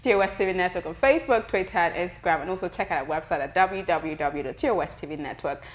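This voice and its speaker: A woman's voice: lowish voice, fast. A woman with a Nigerian accent hosting a talk show, giggling and reading the closing sign-off. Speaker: show host.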